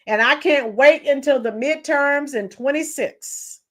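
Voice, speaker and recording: A woman's voice: high-pitched, a little slow, fairly bright tone. A woman hosting a live commentary stream, giving opinions and greeting chat viewers by name. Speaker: livestream commentary host.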